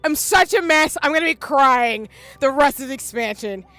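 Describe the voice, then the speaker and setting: A woman's voice: high-pitched, animated, moderate pace, a bit bright, no room sound. A woman game streamer reacting live, gushing and exclaiming while crying, with faint game music behind her.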